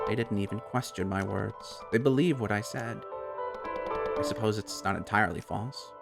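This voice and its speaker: Gravelly man reading a game aloud. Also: on the low side, normal speed. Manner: chatty, reacts aloud while reading. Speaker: game streamer. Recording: clear music bed under voice. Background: game music.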